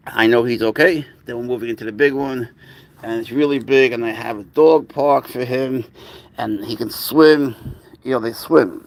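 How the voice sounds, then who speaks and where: A man with a rough, gravelly voice hosts a casual livestream, talking over his plans with viewers. His pitch sits in the middle of the male range. Now and then he slips into soft, cooing baby talk aimed at cats. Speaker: livestream host.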